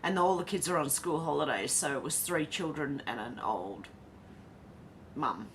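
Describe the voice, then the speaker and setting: A woman's voice: low voice, animated, normal speed, a little hiss or hum. Chatty Australian woman on a livestream. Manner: reads viewer comments aloud with chatty asides. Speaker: livestream host. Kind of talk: casual livestream chat.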